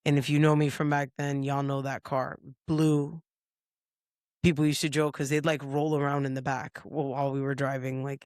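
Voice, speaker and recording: A woman's voice: rumbling low, no room sound, clean studio sound. Profane woman podcast host telling stories. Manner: profane, lively, acts out others' lines. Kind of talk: casual storytelling. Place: podcast studio.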